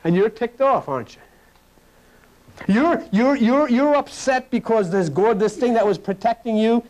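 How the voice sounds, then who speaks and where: Folksy guy preaching, high voice, big swings loud to soft. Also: normal speed, low-quality recording. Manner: animated, swinging from loud emphatic peaks to low asides; folksy, plain-spoken. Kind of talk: sermon.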